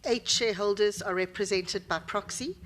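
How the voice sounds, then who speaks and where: Woman, hoarse voice, South African accent, formal reading of figures, mid pitch. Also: normal speed, fairly bright tone. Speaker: company secretary. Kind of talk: formal meeting report.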